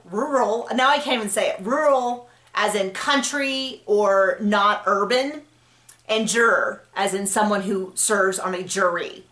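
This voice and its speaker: This woman, an author, chats informally to camera about writing, peppering her advice with fillers and self-corrections. She has a mid-range, fairly bright voice, and the recording carries a roomy echo.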